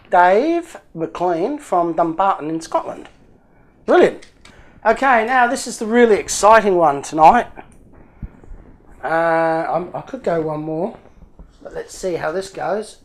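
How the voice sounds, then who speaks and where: A man's voice: high voice, animated, slow pace, long pauses. A man hosting a casual unboxing video, chatty and jokey, thinking aloud as he opens parcels. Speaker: YouTube hobby channel host.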